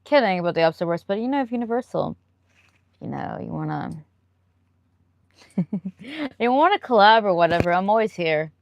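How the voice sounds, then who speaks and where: A woman's voice: mid-range voice, lively intonation, normal speed, vocal fry, long pauses, highs cut off. A woman live streamer chatting casually and answering viewer comments, rambling and laughing often.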